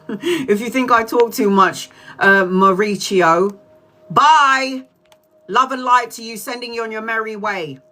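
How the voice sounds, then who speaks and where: A woman's voice: on the high side, takes it slowly, bright, forceful tone, faint music behind. A British woman giving a live-stream tarot reading, chatty, laughing often and swearing freely. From Britain. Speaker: tarot reader.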